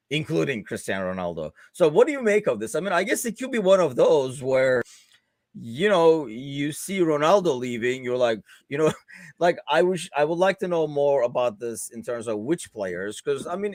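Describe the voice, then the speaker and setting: A man's voice: on the high side, dry recording. An American man hosting a casual football chat show, talking loosely with a sarcastic edge and easy laughs. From United States. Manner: conversational, sarcastic, laughs easily. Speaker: podcast host.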